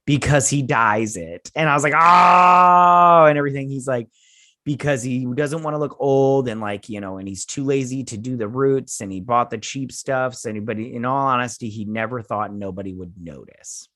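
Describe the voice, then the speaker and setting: A man's voice: mid-range voice, fairly quick, no room sound, clean studio sound. A man hosting a show, casually recapping a TV episode in a rambling way, acting out the characters' lines and sounding a bit tired. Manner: rambling, animated retelling with acted-out quotes. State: tired, yawning. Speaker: host.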